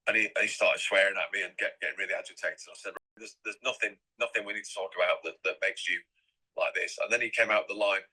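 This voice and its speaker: A man's voice: sits low, steady tone, quick pace, bright, forceful tone, slightly rough, rough recording. A middle-aged man from England, rambling and repeating himself as an interview guest. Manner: rambling and repetitive.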